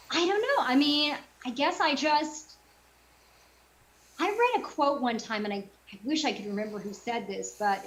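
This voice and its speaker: A middle-aged woman voice actor, her voice on the high side and fairly bright, chats casually as a guest in a video-call interview with poor audio. She's chatty, using lots of fillers and quoting herself.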